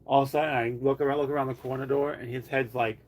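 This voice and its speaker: A man's voice: medium pitch, fairly even intonation, quick pace. A man live streaming from home, chatting casually in a rambling way full of "like". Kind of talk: casual chat.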